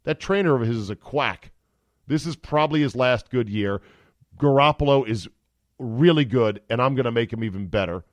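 A man putting on the voice of a gruff, furious head coach who swears and blusters. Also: low voice, big pitch swings, unhurried, pauses often, no room sound, dull audio. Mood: angry. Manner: profane, blustering.

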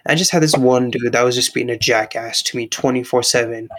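A man's voice: medium pitch, fairly even intonation, brisk, fairly bright tone, poor audio. A young man telling a story in casual chat, rambling with lots of filler words, calling the listener bro, on a laggy online call. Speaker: podcast co-host.

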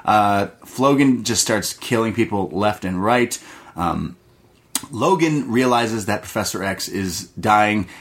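A man's voice: lowish voice, animated, takes it slowly. A man co-hosting a movie podcast, recapping a film in a rambling, profane, casual way full of fillers.

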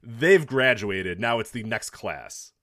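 A man co-hosting a podcast, easygoing and quick to laugh in casual chat. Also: mid-range voice, lively intonation, pushed and bright, no echo, studio quality. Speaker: podcast co-host.

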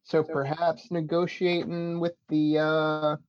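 A man's voice: a little high, completely flat delivery, slow, no echo, highs cut off. A man playing a tabletop role-playing game, rambling in character with hesitant, dry humor. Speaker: player.

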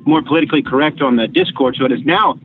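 Halting man calling in by phone. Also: medium pitch, husky, faint music behind. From Texas. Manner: halting, many restarts and fillers. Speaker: caller. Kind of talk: call-in storytelling. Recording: tinny phone line.

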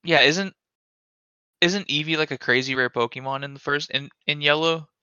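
Young male podcast co-host, crude and excitable; crisp tone, dry lo-fi sound. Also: on the high side, moderate pace, no echo. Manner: crude, excitable storytelling with frequent laughter. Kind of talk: casual chat.

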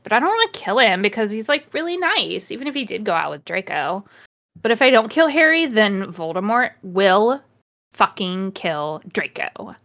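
A woman's voice: mid-range voice, very animated, moderate pace, a bit bright. A woman reading aloud as a melodramatic gothic teenage heroine in a breathless, swearing rant. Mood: distraught. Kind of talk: dramatic reading of fan fiction.

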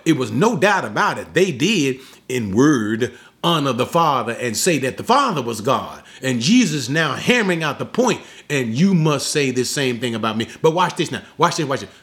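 A man's voice: fairly high pitch, a bit bright. A man preaching an expository sermon, emphatic, repeating phrases for stress and asking the congregation rhetorical questions.

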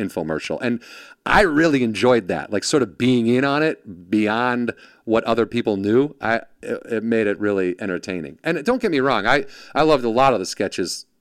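A man's voice: medium pitch, no echo, studio quality. A man telling a story in casual chat, acting out quoted voices, swearing freely and jumping between characters. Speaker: podcast guest, former production assistant.

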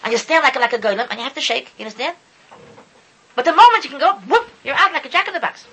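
A man's voice: very high voice, animated, fast, pushed and bright, rough recording. A man giving an impassioned sermon, often stumbling over and repeating his words as he talks. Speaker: Torah speaker. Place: lives in Israel.

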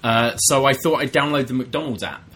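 A man's voice: medium pitch, normal speed, fairly bright tone, husky. A man co-hosting a podcast and telling wry stories in casual chat. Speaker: podcast co-host.

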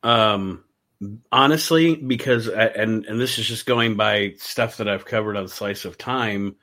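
A man's voice: fairly low pitch, unhurried, sharp tone. Rambling male podcast guest. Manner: rambling, self-correcting asides. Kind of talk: casual chat.

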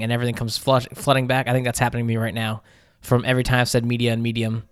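A man hosting a comedy podcast over a remote call, asking mock-serious questions in a deadpan manner. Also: mid-range voice, rapid-fire, few pauses, smooth, no room sound, clean studio sound. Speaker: podcast host.

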